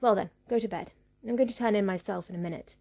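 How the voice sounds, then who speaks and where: A woman's voice: mid-range voice, quick pace, dark tone, natural voice. A woman voicing a cunning, menacing old witch in a storybook reading, speaking in commanding threats.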